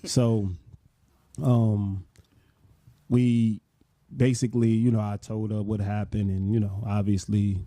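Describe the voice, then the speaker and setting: A man in his late thirties, co-hosting a podcast, telling a story in a relaxed, rambling way full of "you know". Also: fairly low pitch, slow, pauses often, dry recording. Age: late 30s. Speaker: podcast co-host. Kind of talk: casual storytelling chat.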